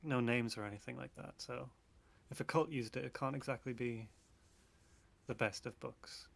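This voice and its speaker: A man's voice: mid-range voice, normal speed, gravelly, fairly bright tone. A man playing a tabletop game, easygoing and thinking aloud. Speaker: player. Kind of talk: casual tabletop play.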